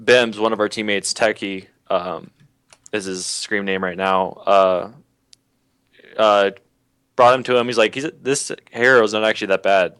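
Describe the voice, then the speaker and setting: A man being interviewed as a guest player, explaining tactics hesitantly with many pauses. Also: on the low side, fairly even intonation, smooth, no room sound. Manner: hesitant, many fillers, soft-spoken. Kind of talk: interview answers on strategy. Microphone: video call.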